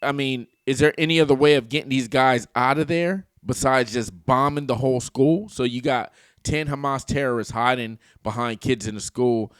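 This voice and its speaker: A man giving casual vlog commentary, animated and laughing often as he reacts to a clip. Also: mid-range voice, moderate pace, clean tone, no room sound. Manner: animated, laughs often, talks back at clips.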